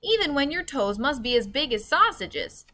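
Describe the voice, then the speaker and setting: A small, earnest girl, as a woman reading aloud puts her on, pitched well above the reader's own voice. She asks wide-eyed, high questions in a bright tone, part of a storybook read-aloud. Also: sing-song, normal speed, heavily acted. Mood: curious. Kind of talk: children's book read-aloud.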